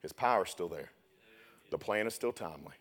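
A young man preaching a sermon, telling a story and then building to loud, shouted preaching. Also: sits low, animated, fairly quick.

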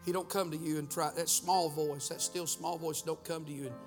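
A middle-aged pastor preaches a revival sermon in a church sanctuary. His slightly high voice swings between loud, fervent rhythmic urging and sudden hushed drops. Faint music plays underneath. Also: flat delivery, fairly quick. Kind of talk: revival sermon with altar call.

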